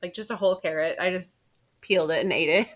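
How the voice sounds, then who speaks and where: Chatty mom telling a story, lower-pitched. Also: female voice, fast, fairly bright tone. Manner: chatty, laughs often, lots of fillers. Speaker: podcast host. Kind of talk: casual personal storytelling.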